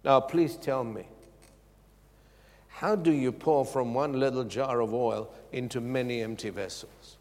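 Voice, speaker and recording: A man's voice: mid-range voice, steady tone, unhurried, in a large hall. A man preaching a sermon with emphasis, calling out questions to his congregation.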